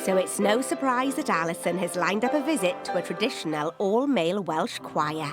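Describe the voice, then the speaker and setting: A woman's voice: mid-range voice, animated, normal speed, loud music behind the voice. A woman reading scripted voice-over for a travel documentary with a playful, upbeat delivery. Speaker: documentary narrator.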